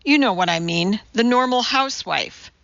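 A woman's voice: on the high side, lively intonation, normal speed, gravelly, fairly bright tone, no echo, highs cut off. A woman voicing an anxious male TV producer who pleads and frets. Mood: pleading. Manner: pleading, flustered.

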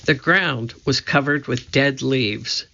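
A man reading a children's storybook aloud, narrating slowly and deliberately. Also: mid-range voice, gravelly, sharp tone. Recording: dull lo-fi recording.

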